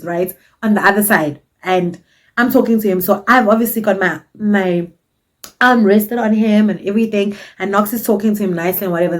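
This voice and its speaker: South African woman, twenties, vlogger, dramatic cheeky storyteller, mid-pitched voice. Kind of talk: casual storytime.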